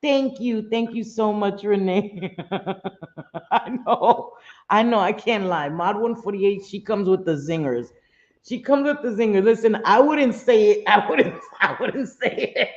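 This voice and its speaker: A woman's voice: mid-range voice, a little slow. Woman, live stream host, casual chat, laughs a lot, casual swearing, bits of Spanish, slightly dull lo-fi audio.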